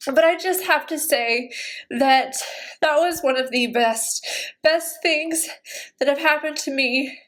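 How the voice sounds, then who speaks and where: A woman's voice: high voice, takes it slowly, a bit bright. A woman in her thirties, a beauty vlogger talking casually to camera, tearful and gushing with emotion.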